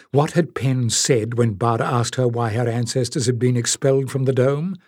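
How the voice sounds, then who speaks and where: A man reading fantasy audiobook narration in a measured, dramatic way. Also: medium pitch, a little mellow, breathy edge, no room sound, studio quality.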